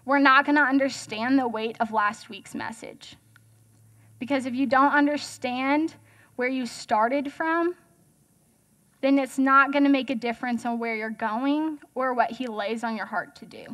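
A woman's voice: sits high, steady tone, measured pace, a bit bright. A young woman giving a casual, chatty sermon as guest speaker, joking and asking the audience questions.

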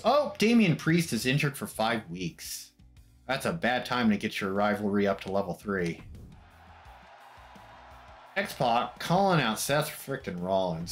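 In an unhurried, lowish voice with big pitch swings, a man gives casual, wry game commentary recapping wrestling matches. He throws in mock quotes, and music plays behind his voice.

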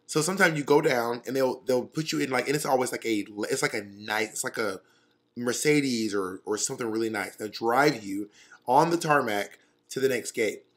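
A man's voice: mid-range voice, moderate pace. A man in his thirties co-hosting a podcast, telling stories in casual comic chat and laughing often. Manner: animated storyteller, laughs often. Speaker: podcast co-host.

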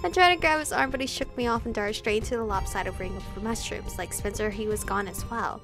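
A woman with a fairly high voice hosts a let's play, reading a visual novel aloud. She reads dramatically and breaks off to swear and laugh. Faint music plays underneath. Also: a little fast.

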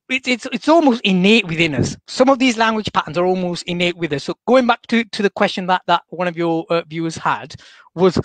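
Male guest, rambling talker with fillers, slightly high voice, dry close sound. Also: a bit bright, dry recording. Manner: rambling, full of fillers and restarts. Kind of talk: conversational interview.

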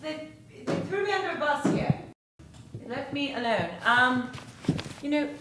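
A woman playing a gentle talent judge in a comedy sketch, awkwardly polite and hesitant. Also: high voice, animated, moderate pace, reverberant, very noisy.

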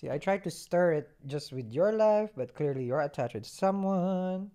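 A woman's voice: fairly low pitch, lively intonation, normal speed, warm tone. A woman giving a tarot reading in a chatty way, humming as she thinks and asking rhetorical questions. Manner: conversational, rhetorical questions, musing hums. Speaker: tarot reader.

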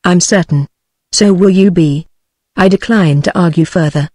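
A text-to-speech woman's voice with a British English accent, reading a story aloud as an audiobook narrator in an even, measured way. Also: fairly low pitch, no echo. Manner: even, measured synthetic delivery.

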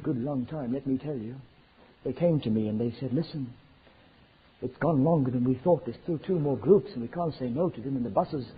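A man preaching a sermon, swinging from loud fervent declarations to hushed near-whispers. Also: mid-range voice, slightly rough. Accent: South African. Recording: tinny lo-fi sermon recording with faint noise.

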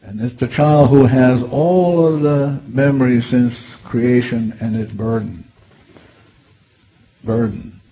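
Male meditation guide, slow and gentle, mellow tone, muffled recording with light hiss. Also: medium pitch, husky. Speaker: healer guiding a meditation. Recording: dull lo-fi clip with faint hiss.

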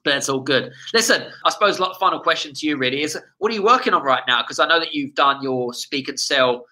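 A man's voice: a little high, fast talker, bright, forceful tone, low-quality recording. A man hosting an interview, talking with enthusiasm and rambling through many restarts. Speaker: podcast host. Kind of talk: casual interview chat.

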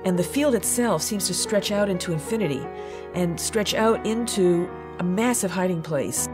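Deliberate woman commentator over music. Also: on the low side. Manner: deliberate, analytical, stressing words. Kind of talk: documentary commentary.

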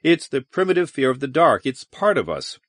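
A man reads out a sardonic, haunted spacer who mocks and broods. His pitch moves widely as he talks. The recording is dry and close. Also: very animated, moderate pace, a bit bright, dry recording. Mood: brooding. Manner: mocking, sullen, then brooding and dramatic. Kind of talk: audiobook character reading.

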